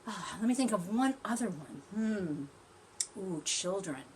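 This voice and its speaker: Lively woman teacher reading to children. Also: medium pitch, takes it slowly, a little hiss or hum. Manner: gentle, questioning, chatty with young listeners. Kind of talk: reading a story aloud to children.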